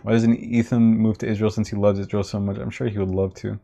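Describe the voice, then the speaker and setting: A man's voice: lowish voice, level tone, fast talker, gravelly, mellow. A man commentating on a livestream in a sarcastic, mocking way, reading chat comments aloud. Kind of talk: casual reaction commentary.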